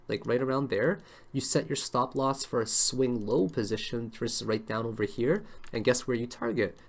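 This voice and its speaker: A man's voice: mid-range voice, gravelly. A man giving a casual live-stream lesson on trading charts, chatty and always checking in with his viewers. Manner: chatty, keeps checking in with "right?" and "okay?". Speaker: crypto trading analyst.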